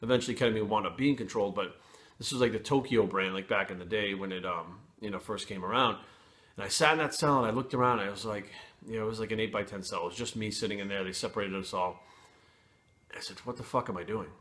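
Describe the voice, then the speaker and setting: A man telling a personal story to camera in casual, blunt and profane talk, pausing and restarting as he goes. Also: fairly low pitch, a bit bright. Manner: blunt and profane, frequent swearing; candid, with pauses and restarts.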